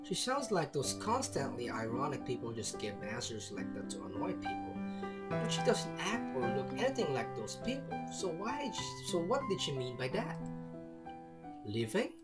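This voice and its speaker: A man's voice: medium pitch, huge pitch swings, normal speed, loud music behind the voice. A man from the Philippines playing a visual novel, reading its lines aloud with playful, jokey asides. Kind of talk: let's play commentary and narration.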